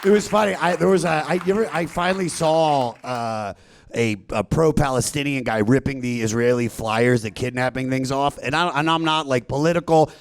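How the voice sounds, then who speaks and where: A middle-aged man doing improvised musical stand-up on a comedy club stage, riffing crudely and loudly, half singing his lines. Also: medium pitch, moderate pace, gravelly. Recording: guitar playing under the voice.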